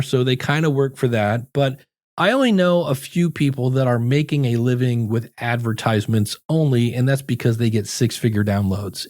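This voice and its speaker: A man's voice: medium pitch, darkish tone, no room sound, studio quality. A man talking casually as a podcast guest who gives advice on shows and ads, acting out little quoted scenes as he talks. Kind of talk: casual interview chat.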